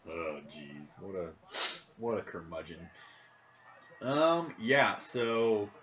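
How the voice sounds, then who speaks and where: A man's voice: fairly low pitch, big pitch swings, slow pace, a bit bright. A young man with a Midwestern accent, rambling and joking in a casual chat while playing a video game. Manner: rambling, jokey, thinks aloud. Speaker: podcast co-host. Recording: dull lo-fi audio, faint background noise.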